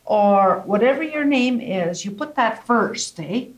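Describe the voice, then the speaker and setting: A woman language teacher, explaining slowly and patiently and often checking in with "okay?". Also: on the high side, lively intonation, rough recording. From Canada. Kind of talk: language lesson.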